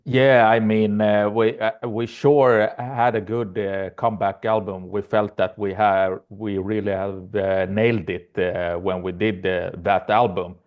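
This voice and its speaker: A man, a band's guitarist and lead singer, answering interview questions in English with many pauses. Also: on the low side, flat delivery, phone-quality sound. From Sweden.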